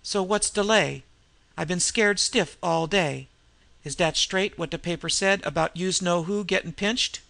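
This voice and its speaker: A young woman posing as a hard-bitten slum dweller, put on by a male reader, demanding answers in clipped street slang. The voice is bright and gravelly, set in a dry storybook reading. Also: high voice, moderate pace. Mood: pushy.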